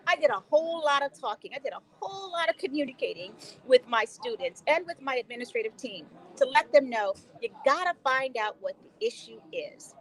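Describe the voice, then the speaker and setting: A woman's voice: high-pitched, low-quality recording. A woman in her sixties, a guest educator telling stories on a talk show, emphatic and quoting her own dialogue. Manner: animated, emphatic, quotes herself in dialogue. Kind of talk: conversational storytelling on a talk show.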